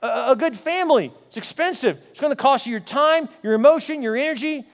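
A man's voice: very high-pitched, expressive, a little fast. A man preaching a sermon as pastor, telling a story and then building up with emphatic repeated rhetorical questions. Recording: hall reverb.

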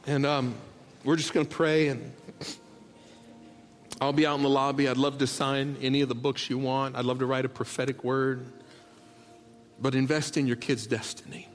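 A pastor delivers a sermon in a large church auditorium over soft background music. His medium-pitched voice stays fairly level and moves at a normal speed. Heartfelt stories told in soft, hushed tones for tender moments swell into loud rallying calls to the congregation.

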